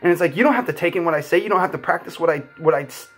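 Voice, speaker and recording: Young guy a bit high-voiced, earnest rambling vlog talk, says like a lot. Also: very fast, fairly bright tone, husky, faint music behind. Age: young adult. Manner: heartfelt, rambling, many "like" fillers. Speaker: vlogger. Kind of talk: earnest personal storytelling.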